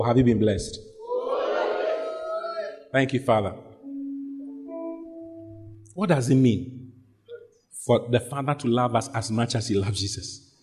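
A man preaching a sermon, reading scripture slowly and repeating key lines for emphasis. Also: mid-range voice. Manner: reads verses slowly and deliberately.

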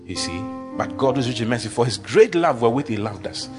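A man's voice: mid-range voice, animated, fast, music in the background. A man preaching a sermon with emphatic, repetitive declarations, leading the congregation in call-and-response.

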